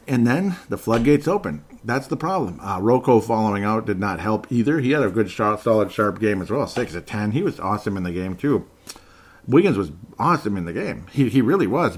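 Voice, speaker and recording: A man's voice: mid-range voice, slightly rough. A man hosting a solo sports podcast, ranting in exasperation about a basketball game, sarcastic and laughing at himself now and then.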